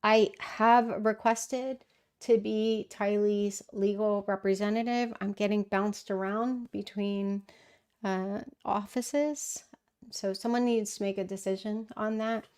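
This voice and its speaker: Slow-talking woman hosting a livestream. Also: mid-range voice, steady tone, a little mellow, clear, resonant tone. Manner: slow, thoughtful, frequent fillers and restarts; answers viewer questions from chat. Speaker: livestream host. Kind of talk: casual livestream Q&A.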